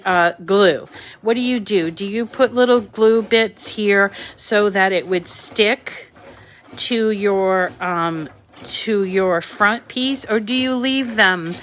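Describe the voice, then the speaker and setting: A woman's voice: mid-range voice, fairly bright tone, slight background noise. A woman with a New England accent, hosting a live craft tutorial, chatting with viewers and reading out their comments. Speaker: crafting channel host.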